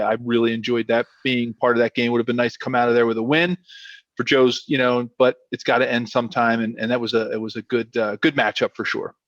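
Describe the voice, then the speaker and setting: A man's voice: mid-range voice, fairly bright tone, no echo. A man spins a long story in casual talk, circling back and repeating words as he goes. His voice sits in an ordinary middle register. The sound is dull and muffled, very dry, with no room around it. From Philadelphia. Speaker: guest, former pro football player. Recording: dull, dry remote audio.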